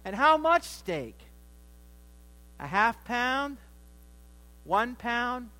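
A preacher voicing an eager chatty butcher. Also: male voice, very high voice, very animated, extremely slow, bright, forceful tone, big-room sound, voice pushed up, full character voice. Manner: chatty, questioning a customer. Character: eager small-town male butcher.

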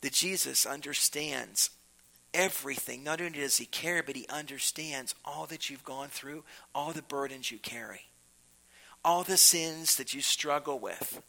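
A male pastor delivers a sermon in an earnest, emphatic way. His voice has a gravelly fry and a sharply bright, forceful tone. He repeats phrases and lets pauses land. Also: on the high side, poor audio.

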